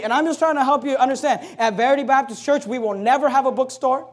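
Preaching a sermon in a very high-pitched voice, this pastor is blunt and forceful. Scripture comes out loud and unhurried, while his brief asides to the congregation rush by.

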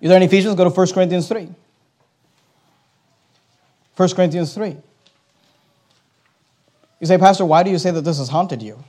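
A middle-aged man preaching a sermon as pastor, stressing phrases and repeating them, dropping soft then rising loud. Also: high-pitched, moderate pace, pauses often. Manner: emphatic, repeats key phrases, swings between loud and soft.

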